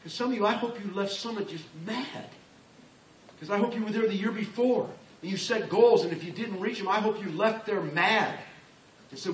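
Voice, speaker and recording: A man in his sixties giving a motivational business talk to a large room, impassioned and building to loud emphatic peaks. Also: high voice, moderate pace. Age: 60s. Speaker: motivational speaker. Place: large conference room with an audience. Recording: roomy, distant live-hall recording.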